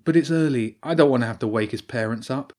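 A man voicing a defiant older teenage girl in an audiobook, talking sharp and dismissive. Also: medium pitch, fast talker, natural voice.

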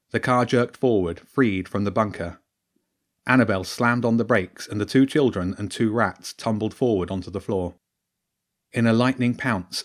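A man who wrote the story reads his children's adventure aloud, raising his voice sharply for the characters' shouts. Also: lowish voice. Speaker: author and storyteller.

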